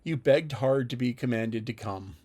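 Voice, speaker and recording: A man voicing a spirited, witty young gentlewoman with a teasing manner. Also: mid-range voice, normal speed, natural voice.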